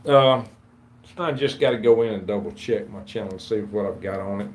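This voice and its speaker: A man's voice: on the low side, fairly quick, slight background noise. A man, hosting a casual livestream chat in a rambling, folksy way. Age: 50s. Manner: rambling, folksy, greets viewers and reads chat aloud. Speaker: livestream host.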